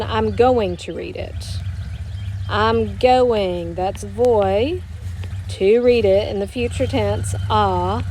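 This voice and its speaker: Woman teacher, recorded lesson, patient step-by-step explaining, mid-pitched voice, faint background hiss. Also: a little mellow. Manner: patient, explains step by step, slows down to model phrases. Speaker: Spanish teacher.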